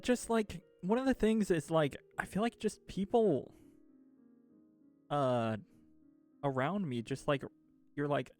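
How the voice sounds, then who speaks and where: A man's voice: a little high, takes it slowly, pauses often, a little mellow, faint music behind. A man streamer venting to chat in a rambling, exasperated way, swearing often and laughing mid-sentence. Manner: rambling with restarts and filler. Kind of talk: casual ranting chat.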